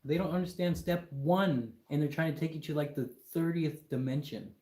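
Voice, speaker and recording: A man's voice: a little high, moderate pace, mellow, roomy sound. A man hosting a casual livestream, talking in an emphatic, exasperated rant with lots of repetition. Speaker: livestream host.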